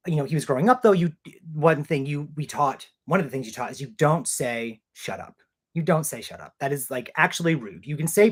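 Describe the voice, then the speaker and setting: Male host in his thirties, talkative, rambling, self-mocking, live Q&A stream. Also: fairly high pitch. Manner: chatty, rambling, self-deprecating. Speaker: channel host.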